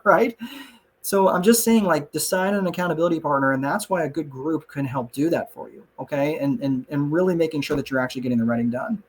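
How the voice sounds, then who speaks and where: A man with a slightly high voice leads a live online class. He talks loosely and conversationally, tosses in "look" and "right?" and pokes fun at himself, answering questions from the chat. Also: a little fast. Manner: conversational, frequent "look" and "right?" asides, self-joking. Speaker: class presenter.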